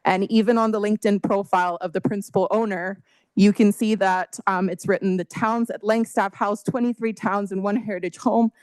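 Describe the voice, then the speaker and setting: A woman's voice: medium pitch, steady tone, a little fast, a little mellow, dry recording. A woman making an earnest, emotional public comment at a council meeting, with frequent fillers. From Canada. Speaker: resident delegate at council meeting.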